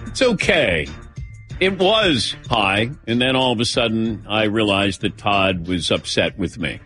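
A man's voice: fairly low pitch, lively intonation, unhurried, bright, forceful tone, faint music behind. A man hosting a sports talk radio show, teasing his co-workers in casual banter.

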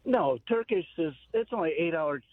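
A man's voice: fairly high pitch, animated, normal speed, no echo. A man calling in to a talk radio show, easygoing and cracking dry jokes with the host. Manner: easygoing, wry and joking. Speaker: caller. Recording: thin phone line.

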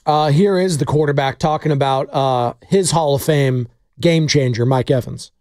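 A man co-hosting a sports talk show, giving measured analysis and introducing audio clips. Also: a little high, a little mellow, no room sound, studio quality. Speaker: sports radio co-host.

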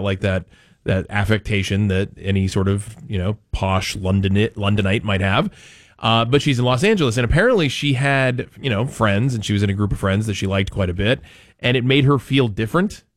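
A man's voice: on the low side, no echo, studio quality. A man from Maine hosting a talk radio show in a chatty, rambling way. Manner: chatty, rambling, quick to joke. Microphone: studio microphone.

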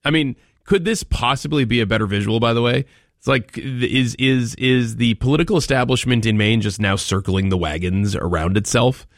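A man's voice: mid-range voice, normal speed, dry recording, studio quality. A man hosting a talk radio show, delivering commentary with sarcastic mock outrage and taking calls.

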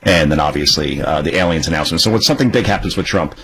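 A man's voice: very deep voice, rapid-fire, fairly bright tone, rough recording. A man hosting a radio show, chatting loosely and digressively. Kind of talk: casual radio talk.

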